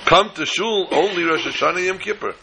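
A man preaching a sermon, telling a parable in an animated storytelling manner with dramatic pauses. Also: high-pitched, vocal fry, background noise.

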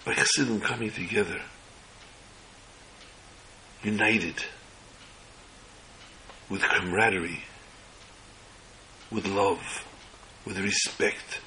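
A man telling an inspirational religious story slowly, in short measured phrases. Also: lowish voice, fairly even intonation, sharp tone, slight background noise, low-quality recording.

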